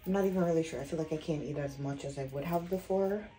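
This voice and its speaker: Poor audio with soft music behind it captures a deep, dark-toned female voice speaking quickly. She's a pregnant vlogger in her twenties from Jamaica, chatty and unfiltered, tired and short of breath as she talks candidly.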